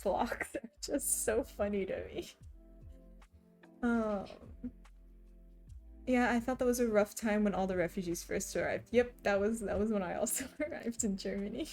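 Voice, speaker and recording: A woman's voice: fairly high pitch, darkish tone. A woman streamer chatting casually and reading chat messages aloud, laughing often. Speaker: streamer reading chat while cross stitching.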